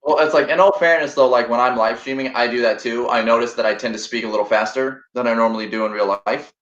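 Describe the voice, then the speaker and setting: A man's voice: mid-range voice, fairly even intonation, quick pace, fairly bright tone. Man hosting a livestream, echoey dull sound. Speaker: livestream host. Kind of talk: casual livestream chat.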